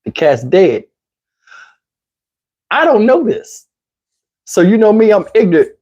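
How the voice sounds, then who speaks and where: A man casually telling a story to his channel, in a slangy, profane, lively way. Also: high-pitched, unhurried, long pauses. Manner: profane, slangy, lively retelling with acted-out quotes.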